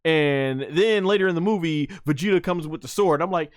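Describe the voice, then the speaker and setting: A man in his thirties talks on a live stream with excited, rambling energy, stumbling through fillers and restarts. His voice sits a little high and comes through smooth and clear. The close mic sounds dry, with no room around it. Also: moderate pace, dry recording. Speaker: gaming streamer. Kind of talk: excited casual commentary.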